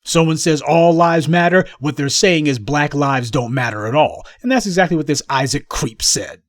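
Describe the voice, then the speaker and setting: A man's voice: a little high, no echo, clean studio sound. Scornful man ranting. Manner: scornful, sarcastic, combative. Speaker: commentator. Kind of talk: ranting commentary.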